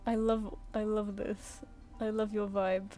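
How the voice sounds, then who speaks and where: A woman's voice: medium pitch, flat delivery, a little slow, dark tone, soft background music. A woman artist chatting casually on a live stream while she draws, muttering and counting under her breath.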